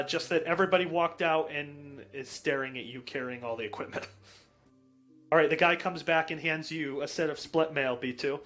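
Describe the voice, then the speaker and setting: A man's voice: a little high, fairly bright tone. A man narrating a tabletop game as game master in a voice chat, easygoing and descriptive.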